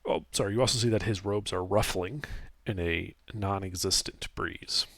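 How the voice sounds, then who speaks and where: Male game master, mid-pitched and gravelly, easygoing scene narration, dry close mic. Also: a bit bright, dry recording. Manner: descriptive, unhurried narration with casual fillers.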